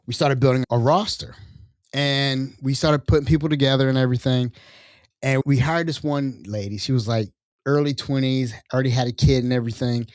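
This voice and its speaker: A man's voice: mid-range voice, dry recording. A young adult man hosting a solo podcast, his voice sitting in the middle of the male range. He tells stories in a loose, slangy way and jumps into character voices for quotes. He is recorded close and dry, with no room sound. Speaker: podcast host. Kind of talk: casual solo storytelling.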